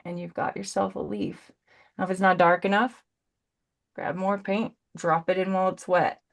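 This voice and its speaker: A woman's voice: fairly low pitch, little pitch movement, normal speed, vocal fry. A woman in her forties chatting through a live painting demo on a video call. She talks chattily and rambles, tossing in punny asides. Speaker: brand ambassador demonstrating paints.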